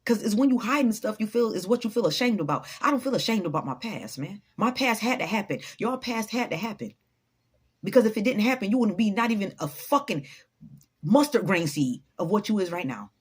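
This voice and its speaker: Husky, blunt motivational woman. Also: medium pitch, sing-song, fairly quick. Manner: blunt, profane, preachy. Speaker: motivational vlogger. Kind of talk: unscripted motivational talk.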